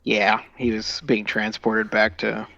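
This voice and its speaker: A man's voice: on the low side, monotone, slow pace, vocal fry, sharp tone, lo-fi sound. A man co-hosting a casual podcast, sarcastic and profane. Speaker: podcast co-host. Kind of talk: casual chat.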